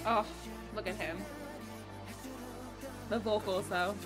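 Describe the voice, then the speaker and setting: A woman's voice: mid-range voice, steady tone, slow pace, over music. A young woman hosting a video reaction, hyper and gushing, swearing and shrieking as she comments. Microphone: headphones on while recording.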